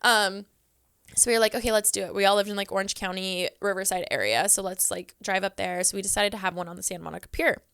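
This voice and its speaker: A woman's voice: medium pitch, fast, vocal fry, a bit bright, smooth, no room sound, clean studio sound. A young woman from Southern California, a podcast guest telling a story in a chatty way, full of "like" and acted-out quotes of herself. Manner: chatty, heavy on "like", acts out her own past lines. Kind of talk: casual storytelling. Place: podcast studio.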